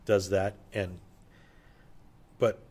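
A man's voice: low-pitched, level tone, drawn-out words, darkish tone, breathy edge. A middle-aged man, a session drummer, telling stories casually in an interview, loose and enthusiastic with plenty of fillers and swearing.

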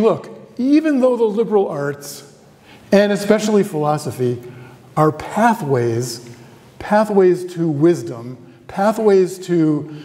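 With a big-room sound, this man lectures at a university as a guest professor of theology, speaking conversationally and often questioning his live audience in the lecture hall. His voice is mellow and fairly high.

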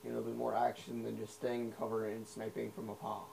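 A young gamer talks fast in a lowish, completely flat voice with vocal fry and a slightly mellow quality. His casual commentary on the video game rambles, heavy with fillers and asides as he gets easily sidetracked. It's a noisy home recording.

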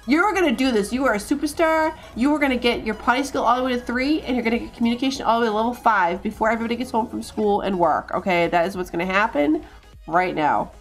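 A woman streams a life-simulation game, chatting and ordering her characters around with plenty of laughter and stumbling repeats. Her voice is fairly high and quick, with faint music in the background.

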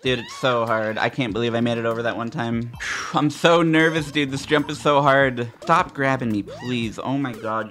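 Bright-voiced man swearing over gameplay. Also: mid-range voice, steady tone, normal speed, hardly any pauses. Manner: frustrated, profane, exasperated muttering at other players. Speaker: gaming YouTuber. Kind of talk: gameplay commentary.

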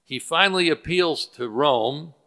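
A man's voice: a little high, lively intonation, measured pace, pushed and bright. A male pastor preaching a sermon that explains Greek word roots, with frequent fillers. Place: church sanctuary. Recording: church hall with long reverb.

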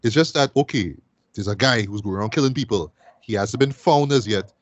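This is a man hosting a relaxed film review discussion. His voice sits low and sounds dry, with no room around it. He keeps the chat flowing and tags many thoughts with a quick "right?". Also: no echo, lo-fi sound. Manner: chatty, ends many phrases with "right?". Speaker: podcast host and film reviewer.

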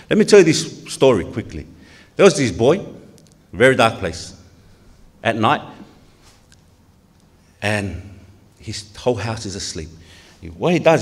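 A male pastor from Tonga preaching a sermon in a church, earnest, putting questions to the congregation. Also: lowish voice.

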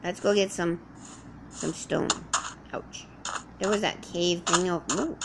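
A woman's voice: lowish voice, fairly even intonation, takes it slowly, vocal fry, long pauses, heavy background noise. A woman doing in-character survival roleplay commentary while playing, rambling to herself and chatting to the animals around her. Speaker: game roleplayer.

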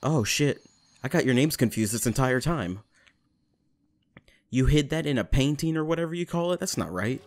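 A man's voice: mid-range voice, expressive, normal speed, long pauses, darkish tone. Rambling, jokey, swearing gamer man. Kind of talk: let's play commentary.

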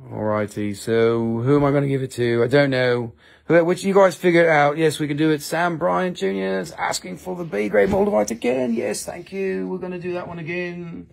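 A man's voice: on the high side, normal speed, vocal fry. A man hosting a live selling stream, bantering and joking with viewers.

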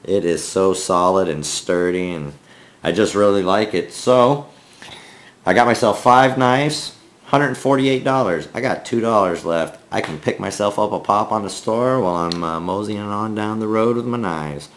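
A deep-voiced man with a Minnesotan accent hosts a casual vlog. He talks in a folksy, rambling way, filling pauses with "uh" and "I mean". He grew up in the American South. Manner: rambling, folksy, lots of fillers. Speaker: knife review channel host.

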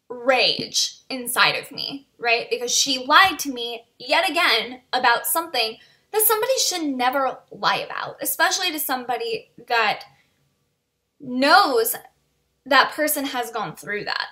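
A woman's voice: sits high, expressive, measured pace, pushed and bright. A woman in her twenties telling a story in a casual vlog, chatty and full of "like" and "you know". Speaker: vlogger.

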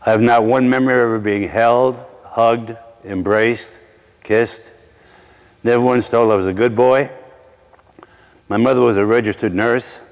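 A middle-aged man from Brooklyn, preaching through a personal story with wry asides and slow dramatic pauses. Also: mid-range voice, fairly even intonation, in a large hall. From Brooklyn, New York. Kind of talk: sermon storytelling.

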